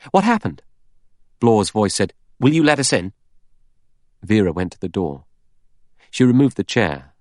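A man reading a novel aloud in a measured, deliberate audiobook style. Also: low-pitched, no echo, studio quality. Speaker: narrator. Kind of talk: audiobook narration.

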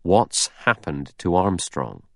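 A man's voice: low voice, big pitch swings, slow pace, gravelly, a little mellow, dry recording, studio quality, full character voice. A man voicing a stolid, suspicious ex-policeman in an audiobook, blunt and plodding.

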